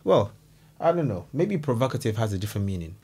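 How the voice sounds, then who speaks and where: A man reacting to a documentary video in casual, animated commentary, exclaiming and laughing. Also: medium pitch, quick pace, slightly rough. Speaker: reaction host.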